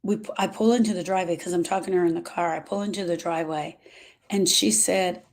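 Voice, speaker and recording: A middle-aged woman speaking as a grief specialist, talking earnestly to her followers and slowing down on emotional points. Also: fairly low pitch, fairly even intonation. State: emotional, short of breath at moments. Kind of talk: personal talk to followers.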